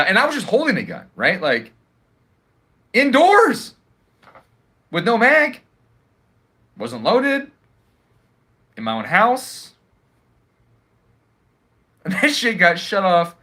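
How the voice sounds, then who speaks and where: A man's voice: high voice, wildly swooping pitch, slow pace, long pauses, pushed and bright. A man ranting casually on a livestream at home, swearing often and sounding sarcastic as he rambles. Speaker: live streamer.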